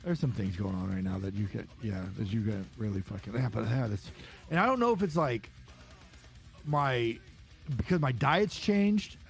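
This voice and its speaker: A man's voice: lively intonation, moderate pace, creaky, faint music behind. A man chatting casually as a podcast co-host, swearing often and telling stories with voices for the people he quotes. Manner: profane storytelling, acts out quotes in a higher voice. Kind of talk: casual chat.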